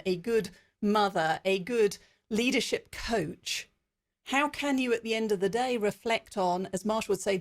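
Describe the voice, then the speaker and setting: Woman host with a gravelly edge. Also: mid-range voice, darkish tone. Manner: reflective, earnest, explaining ideas. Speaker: podcast host. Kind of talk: conversational interview.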